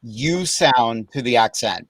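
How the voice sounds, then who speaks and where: A man's voice: mid-range voice, lively intonation, slow, fairly bright tone, no room sound, poor audio. A man hosting a casual chat, playful and chatty. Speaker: host, drag queen.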